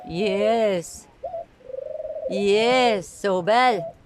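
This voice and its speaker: A woman's voice: medium pitch, drawn-out words, background noise. A woman filming and cooing to her pet birds, gushing with frequent exclamations. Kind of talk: casual talk to camera and to pets.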